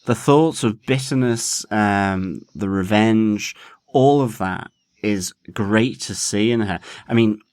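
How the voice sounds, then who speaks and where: A man co-hosting a podcast about a TV series, talking in a measured way and stretching key words. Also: fairly low pitch, darkish tone, no echo. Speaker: podcast co-host. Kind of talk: casual TV review chat.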